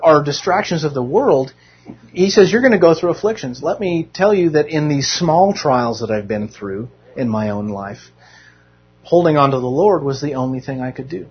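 A man with a slightly high voice gives an informal, conversational sermon to a church group as a Bible teacher. He is earnest but adds self-deprecating humor, and the recording sounds muffled.

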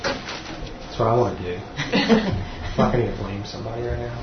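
A man's voice: mid-range voice, moderate pace. Man, sermon teaching, earnest, repeats himself, echoey church room, faint noise. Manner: earnest, repeats words when restarting. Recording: dull echoey room recording.

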